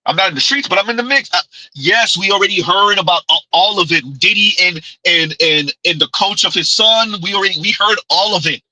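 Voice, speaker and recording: Guy ranting on his livestream, high bright voice kinda husky, very dry sound. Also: fairly quick, dry recording, poor audio. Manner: emphatic, repetitive, refers to himself in third person. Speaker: livestream host. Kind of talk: commentary livestream.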